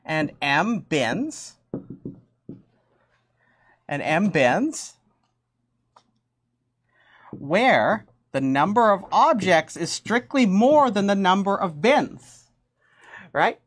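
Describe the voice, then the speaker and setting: A woman explaining a math idea in a casual, chatty lesson, laughing often and getting excited as she goes. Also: medium pitch, very slow, pauses often, breathy edge. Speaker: teacher.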